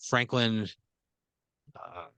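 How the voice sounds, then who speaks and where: A man's voice: lowish voice, extremely slow, creaky, pushed and bright, smooth, no room sound. A man hosting a comedy podcast and spinning an improvised story, rambling and filler-heavy, often checking in with "right?". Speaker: podcast host.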